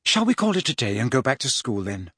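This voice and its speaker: A man voicing an anxious, bossy teenage girl witch in an audiobook, shrill when alarmed and hushed when urging. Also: sing-song, a little fast, breathy edge, no echo, clean studio sound. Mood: earnest. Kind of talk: audiobook character voice.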